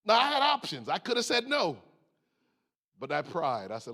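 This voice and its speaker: A middle-aged American man preaches about stress, slipping into a lively personal story. His voice sits a touch higher than most men's, and he throws in quick asides as he goes. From United States. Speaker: speaker.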